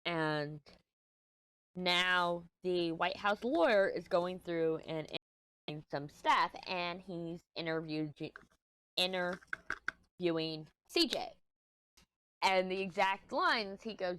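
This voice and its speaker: Low-voiced rambling Texan woman. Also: unhurried, fairly bright tone, slight background noise. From Texas. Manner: rambling, jumps between topics, swears casually. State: a little stuffy-nosed. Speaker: craft vlogger. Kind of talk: casual chat while crafting.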